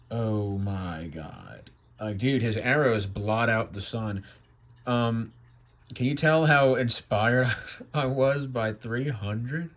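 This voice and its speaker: A man giving comedic, wry commentary on his own old comic. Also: mid-range voice. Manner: amused, wry, drawn-out asides. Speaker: vlogger.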